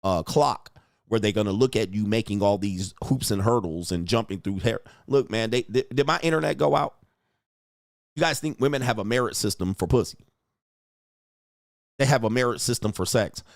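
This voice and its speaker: A man's voice: on the low side, moderate pace, vocal fry, dry recording, studio quality. A man in his forties hosting a livestream, ranting crudely and boisterously, mocking critics and reading viewer comments aloud. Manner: profane, boisterous, mocking, reads viewer chat. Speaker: livestream host.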